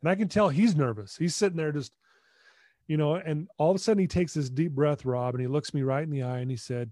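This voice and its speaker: Here a middle-aged man talks fast in a higher-pitched voice, captured with studio quality and no room sound. As a podcast guest he relates a personal story animatedly, performing the dialogue and often restarting and repeating words.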